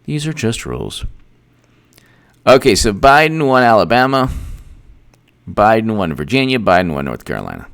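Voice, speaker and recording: Animated, rambling male political commentator. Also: fairly low pitch, moderate pace, creaky, long pauses. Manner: rambling, repetitive, animated asides with laughs. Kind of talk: casual livestream commentary.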